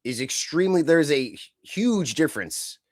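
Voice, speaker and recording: Rambling, excitable male podcast co-host. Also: on the high side, normal speed, no echo, clean studio sound. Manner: rambling, animated, acts out quotes. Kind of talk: casual chat.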